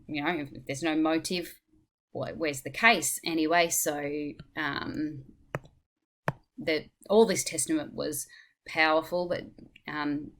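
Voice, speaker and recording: A woman teacher walks through a text in a low voice. She speaks thoughtfully and explains each point, often pausing with "um" to gather her next one. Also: a bit bright. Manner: thoughtful, explanatory, hesitant fillers. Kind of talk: spoken literature lesson.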